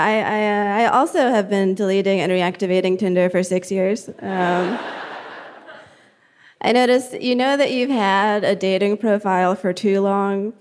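A young woman from New Jersey doing a stand-up comedy set, with a deadpan, halting delivery full of fillers. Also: mid-range voice.

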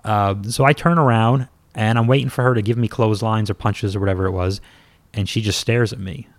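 A man, a former pro wrestler, telling a story in a casual, lively and self-mocking way, with some swearing. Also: lowish voice, fairly quick, no room sound.

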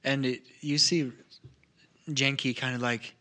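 A male game master narrates a tabletop game in a casual, descriptive way, leaning on fillers. His voice is bright at a middle pitch. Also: steady tone, unhurried.

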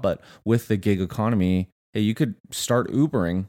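A man's voice: on the low side, moderate pace, few pauses, warm tone, no echo, studio quality. A man in his thirties co-hosting a podcast, giving explanatory advice in casual chat and often restarting his sentences. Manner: explanatory, repeats words when starting sentences. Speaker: podcast co-host.

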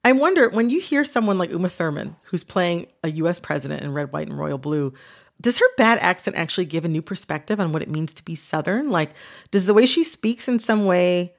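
Relaxed woman hosting a podcast interview. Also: on the low side, brisk, creaky. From Michigan. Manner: relaxed, thoughtful, laughs easily. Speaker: podcast host.

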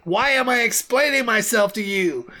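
A woman's voice: on the high side, lively intonation, normal speed, sharp tone. A woman voicing a brash, swearing grown man in a tabletop game who is exasperated with a group of kids. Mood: defensive. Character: rough hostile adult man with a chainsaw.

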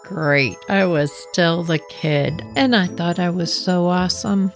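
A woman hosting a podcast, telling a personal childhood story in an animated way and acting out her younger self. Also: on the low side, takes it slowly, soft background music. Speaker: podcast host.

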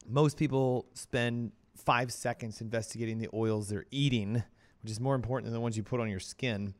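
A man hosting a casual health talk show, hoarse from laryngitis, energetic and chatty. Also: medium pitch. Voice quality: coughing, strained voice. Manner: energetic, chatty, breaks into playful quoted voices. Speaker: radio show host.

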